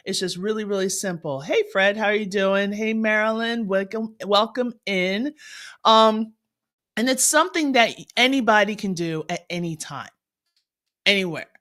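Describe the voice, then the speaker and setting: A woman's voice: mid-range voice, fairly bright tone. A woman math tutor talks straight to her viewers on a casual livestream. She is chatty and upbeat, breaks off to greet people as they join, and laughs easily.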